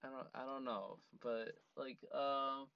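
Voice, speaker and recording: Slow-talking man rambling in a parked car. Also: mid-range voice, little pitch movement, smooth, dry recording, highs cut off. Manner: rambling, laughs often, many fillers. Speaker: podcast host. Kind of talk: casual solo podcast chat.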